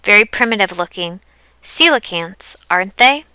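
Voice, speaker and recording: A woman reading the lines of a calm, unflappable woman anthropologist who speaks easily and unbothered in an audiobook. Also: mid-range voice, moderate pace, clear, resonant tone, no echo. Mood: curious. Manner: easy, unbothered.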